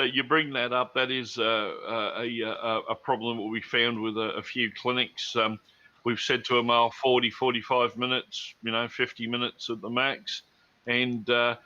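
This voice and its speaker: A man's voice: medium pitch, sharp tone. A man hosting a video chat, talking hesitantly with many fillers. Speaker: host. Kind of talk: casual chat on a video call. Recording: dull lo-fi call audio.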